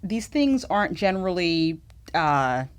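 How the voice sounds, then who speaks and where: A woman's voice: on the low side, very animated, unhurried, smooth. A woman co-hosting a casual legal podcast as a trial attorney, questioning and skeptical.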